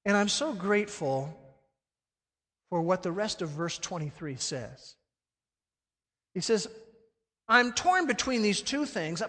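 A man preaching a sermon with animated delivery, swinging between loud emphatic peaks and hushed, low phrases. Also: long reverb tail. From Alabama. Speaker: pastor.

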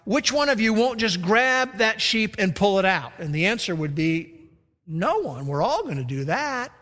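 A pastor preaching a sermon, swinging between loud emphatic stretches and hushed, slow emphasis. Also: male voice, sits high, sing-song. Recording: long reverb of a large hall.

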